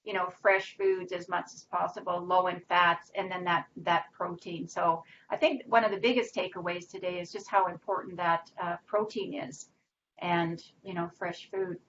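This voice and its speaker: A woman's voice: lowish voice, fairly even intonation, moderate pace, a bit bright, dull audio, slight background noise. A woman co-hosting a live web show in casual chat, rambling with many "you know"s and "right"s. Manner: rambling, filler-heavy, says "you know" and "right" often.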